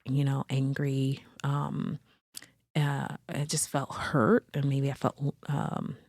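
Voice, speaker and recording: A woman's voice: extremely low pitch, monotone, takes it slowly, dry recording, clean studio sound. A woman podcast host, a therapist, talking in a reflective, searching way and often correcting herself as she thinks aloud. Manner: searching, self-correcting, gently conversational. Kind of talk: reflective solo talk.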